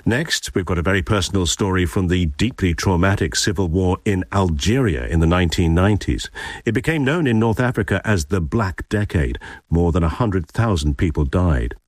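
A man presenting a radio programme in a lively, engaged way. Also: low-pitched, normal speed, no echo, clean studio sound.

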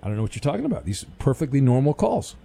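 A man hosting a call-in sports radio show, answering callers in a deadpan, sarcastic way. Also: mid-range voice, very fast, creaky, slightly rough. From Orange County, California. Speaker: radio host.

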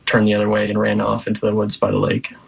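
Low, gravelly, flat-voiced young man. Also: fast. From Wisconsin. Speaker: interviewed hiker.

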